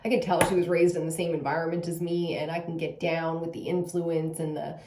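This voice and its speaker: A woman's voice: low-pitched, flat delivery, a little fast, darkish tone, roomy sound. A young Canadian woman giving a casual tarot reading, rambling loosely and swearing freely. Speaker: tarot reader.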